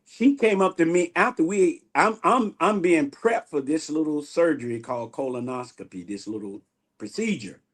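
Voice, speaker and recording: A man giving an animated spiritual testimony in an interview, acting out the dialogue he recounts. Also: on the high side, moderate pace, breathy edge. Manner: animated storyteller, acts out quoted dialogue. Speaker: guest minister.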